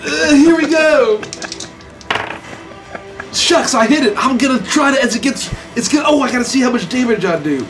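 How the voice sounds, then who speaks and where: A woman's voice: high-pitched, expressive, normal speed, music in the background. A woman playing a tabletop game, joking and riffing in a playful way. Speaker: player. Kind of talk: casual tabletop play, joking character voice.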